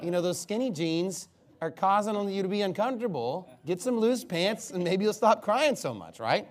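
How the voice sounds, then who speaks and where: Male preacher, high voice, very lively swings in pitch, mocking impressions. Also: moderate pace. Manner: animated, mocking impressions of crying. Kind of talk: expository sermon.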